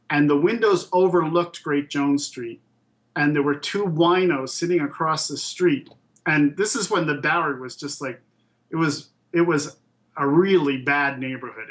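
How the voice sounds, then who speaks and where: An older man, a puppet and toy designer, telling anecdotes in a relaxed interview and acting out the voices of people he quotes. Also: a little high. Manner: animated storyteller who acts out quoted voices.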